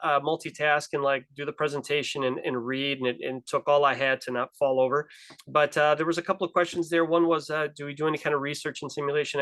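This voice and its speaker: Halting man talking in a dry room. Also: medium pitch, a bit bright, no echo. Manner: halting, many fillers like "uh". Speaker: simulation center staff presenter. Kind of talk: informal presentation.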